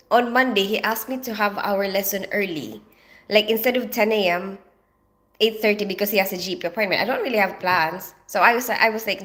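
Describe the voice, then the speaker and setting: A woman's voice: mid-range voice, a bit bright. A woman from the Philippines, chatting casually on a livestream in a rambling way, full of fillers. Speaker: livestreaming vlogger.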